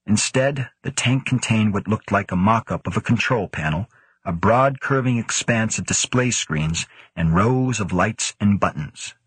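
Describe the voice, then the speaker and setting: A man with a husky voice reading a story in a steady, measured way. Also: fairly low pitch, no echo. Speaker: audiobook narrator. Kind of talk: scripted narration.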